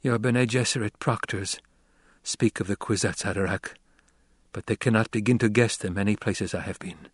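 A man's voice: lowish voice, moderate pace, husky, no echo, clean studio sound. A man reading the lines of a weakened young nobleman who speaks weakly but steadily. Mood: intense. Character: young nobleman, weak, visionary, calm.

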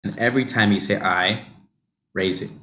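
A man coaching pronunciation on a livestream, slowly modelling and repeating words for learners. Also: fairly low pitch, fairly even intonation, pushed and bright. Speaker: pronunciation teacher.

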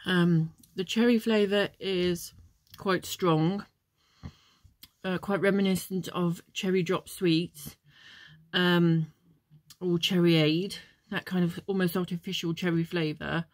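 A woman with a low-leaning voice speaks slowly and steadily, with no echo in the recording. As a vlogger, she tastes and reviews chocolates in a chatty, wandering way, reminiscing and saying um often.

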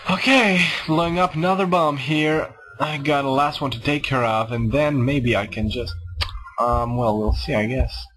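A man's voice: medium pitch, moderate pace, a bit bright, slight background noise, low-quality recording. A man casually commenting on his own gameplay, rambling and self-mocking as he talks to himself. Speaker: let's play gamer.

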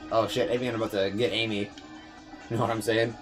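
A young man giving casual gameplay commentary, fast-talking, swearing, often stumbling over words. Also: lowish voice, flat delivery, music in the background. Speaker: let's player.

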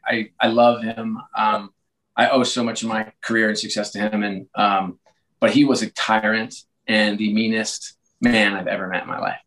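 A man in his late forties, a sports team executive as a podcast guest, telling stories in a lively way with frequent restarts. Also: on the low side, moderate pace, poor audio. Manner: animated, frequent restarts and repeated words. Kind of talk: casual interview storytelling.

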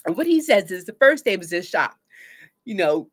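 A woman therapist talking casually to camera about grief and letting go, acting out inner voices with sudden swings in pitch and loudness. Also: big pitch swings, normal speed, husky. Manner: conversational, casual slang.

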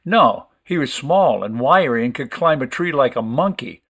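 A man narrating a short story in a measured, expressive storytelling manner. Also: mid-range voice, slightly rough. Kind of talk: audiobook story reading.

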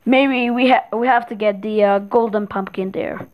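A woman giving excitable commentary while playing a horror game, repeating words in rapid bursts. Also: a little high, highs cut off, background noise. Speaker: gameplay streamer.

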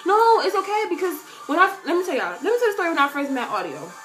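A young woman chatting casually to her webcam, slangy and animated, often breaking into loud quoted voices. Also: very high-pitched, quick pace, soft background music. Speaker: vlogger answering viewer questions. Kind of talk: casual chat to camera.

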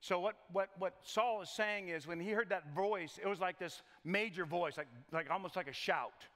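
A male pastor gives a loose, conversational sermon, tossing in folksy jokes and stumbling over repeated words. His voice sits a bit higher than most men's. It rings out with the long reverb of a church sanctuary. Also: normal speed, pushed and bright.

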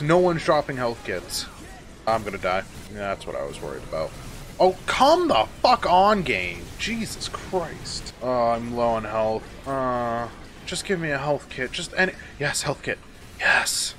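A man's voice: mid-range voice, sing-song, unhurried, a bit bright, a little hiss or hum. A man giving casual let's-play commentary, exasperated and swearing often as he talks back at the game. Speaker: gaming YouTuber.

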